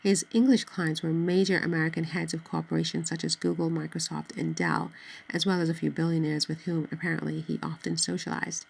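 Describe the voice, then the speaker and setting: Low gravelly woman narrating a novel. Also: steady tone, brisk, darkish tone, poor audio. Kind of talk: scripted audiobook narration.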